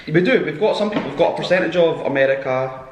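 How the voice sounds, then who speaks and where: A man's voice: a little high, fast talker, slight background noise. A man co-hosting a podcast at home, chatting casually and teasing, with many restarts. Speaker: podcast co-host. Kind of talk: casual chat. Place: room at home. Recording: roomy echo.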